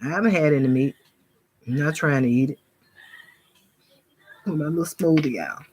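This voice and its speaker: In a low, darkish voice at normal speed, with slight background noise, a spiritual vlogger preaches a fervent, casual sermon directly to her viewers. She calls them y'all and sometimes mimics gossiping people.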